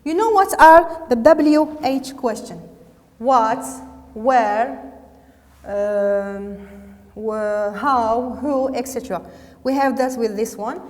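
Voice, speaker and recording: Teaching English grammar to a class, a woman with a Moroccan accent speaks slowly and deliberately, repeating words and occasionally slipping into French. Her voice is on the high side and a little mellow, with a long reverb tail.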